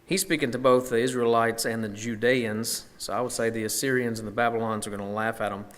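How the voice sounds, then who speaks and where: A man's voice: mid-range voice, fairly even intonation, a little fast, fairly bright tone. A man leading a Bible study, teaching conversationally and thinking aloud with frequent fillers and restarts.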